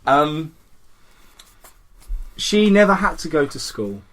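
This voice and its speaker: Animated man spinning a story. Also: on the high side, takes it slowly. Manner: animated, laughing, impatient with interruptions. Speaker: storyteller in a game. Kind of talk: improvised storytelling chat.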